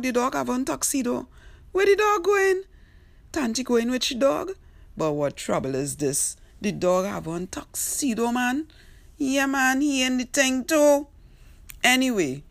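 A woman's voice: mid-range voice, vocal fry, dry recording. A woman with a Trinidadian accent, telling a comic story and teasing its character with exclamations. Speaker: storyteller host.

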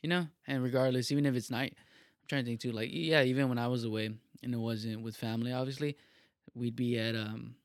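A man's voice: mid-range voice, brisk, no echo. Young man, laid-back casual talker, mid-range voice, dry sound. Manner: relaxed, rambling, repeats himself. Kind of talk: casual chat.

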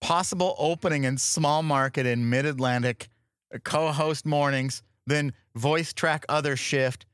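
A man co-hosting a radio show, joking sarcastically and laughing through quick rants. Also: a little high, fairly even intonation, a bit bright, clean tone, dry recording, clean studio sound. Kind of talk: casual radio banter.

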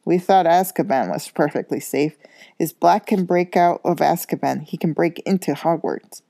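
A woman reading aloud and voicing an earnest father who argues heatedly and insistently, with a gravelly, mellow voice. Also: low voice, normal speed, dry recording, studio quality.

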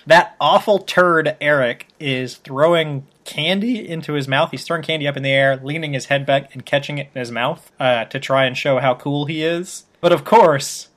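A man co-hosting a podcast, recapping a TV episode in animated casual chat and laughing often. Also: on the high side, moderate pace, few pauses. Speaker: podcast co-host.

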